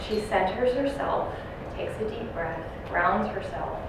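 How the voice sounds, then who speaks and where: Woman telling stories to a care class, shouts out the residents' lines, echoey far mic, noisy. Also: medium pitch, unhurried, vocal fry. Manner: storytelling, acts out residents loudly. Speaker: dementia care trainer. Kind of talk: training talk to a class.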